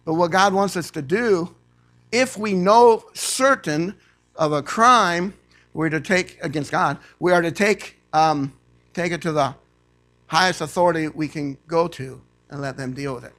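A guest preacher with a somewhat high voice and a slightly slow pace reads scripture aloud to a church congregation. He then rises into loud, emphatic preaching.

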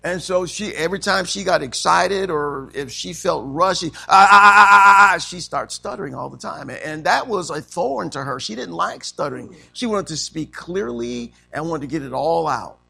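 A man's voice: fairly high pitch, animated, moderate pace, gravelly, hardly any pauses, sharp tone, husky. A man preaching a sermon as pastor, asking the congregation questions and punctuating with frequent amens.

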